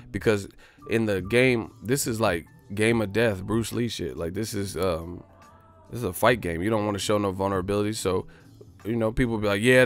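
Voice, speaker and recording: A man's voice: on the low side, clear, resonant tone. A man hosting a boxing show who gives blunt, profane commentary in a casual way.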